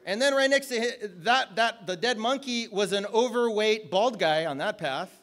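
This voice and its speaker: Guy preaching, high voice, jokey and fired up, yells at the big points. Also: normal speed. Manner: energetic, joking, shouts at peaks. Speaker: guest preacher. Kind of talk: sermon.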